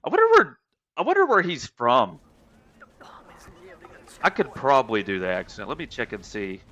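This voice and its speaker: A man's voice: mid-range voice, huge pitch swings, moderate pace, pushed and bright, lo-fi sound, a little hiss or hum. A young man streaming a game, chatting casually and answering viewers' messages as he plays. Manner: chatty, reads and answers live chat. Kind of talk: casual chat while gaming.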